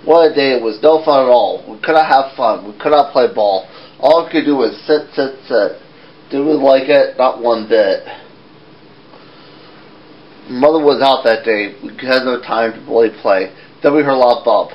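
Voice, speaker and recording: A man's voice: mid-range voice, normal speed, dull audio. Rambling man telling fairy tales. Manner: rambling, with restarts. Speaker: puppeteer storyteller. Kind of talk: casual storytelling.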